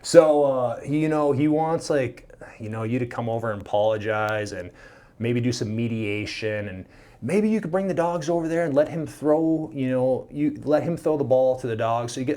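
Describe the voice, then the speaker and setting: A Minnesota man in his thirties, appearing as a podcast guest, tells a story in a mid-range voice at a normal speed. He's animated and casual, acting out the quoted voices and swearing freely.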